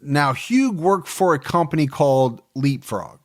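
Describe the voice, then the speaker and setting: A man in his forties co-hosting a true-crime podcast, telling the case in a relaxed, joking way with plenty of fillers. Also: a little high, a little slow. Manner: storytelling, joking, many fillers. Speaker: podcast co-host.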